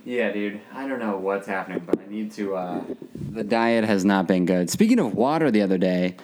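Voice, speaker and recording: Young male podcast host, low voice; profane, lively storyteller. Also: brisk. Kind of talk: casual comedic chat.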